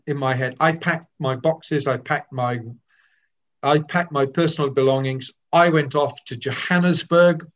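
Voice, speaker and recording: Older man telling stories, lo-fi. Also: mid-range voice. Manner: anecdotal and self-deprecating, with frequent restarts. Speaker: interview guest, sports broadcaster. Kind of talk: reflective interview storytelling. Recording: slightly dull lo-fi sound.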